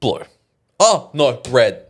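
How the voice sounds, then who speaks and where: A man hosting a podcast in casual, animated, playful chat. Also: medium pitch, takes it slowly. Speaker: podcast host.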